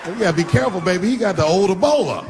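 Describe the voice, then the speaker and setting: A middle-aged man doing a live stand-up routine, punchy and profane, swinging between loud bursts and low asides. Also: expressive, rapid-fire. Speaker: stand-up comedian. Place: comedy stage before a live crowd. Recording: noisy live stage recording with audience.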